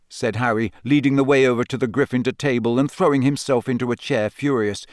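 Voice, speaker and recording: A man narrating an audiobook in a lively, expressive way. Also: medium pitch, a little fast, few pauses, no room sound, clean studio sound. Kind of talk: scripted narration.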